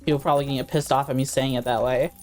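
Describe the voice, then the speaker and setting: A woman's voice: a bass voice, steady tone, very fast, darkish tone. A woman streamer chatting casually while playing, laughing easily and talking to her chat.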